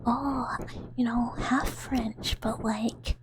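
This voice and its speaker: A woman's voice: a little high, steady tone, very slow, noisy background. A woman streamer in a whispered ASMR chat with her viewers, giggling often as she talks.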